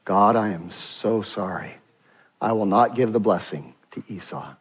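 A man voicing an old father who is shaken and contrite, speaking in a hushed, slow way. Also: on the low side, husky, highs cut off, pitched below the performer's own voice.

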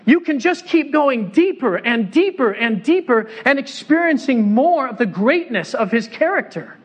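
A man's voice: extremely high pitch, very animated, moderate pace, husky, highs cut off. A pastor preaching a sermon in a church, conversational and joking as he puts questions to the congregation.

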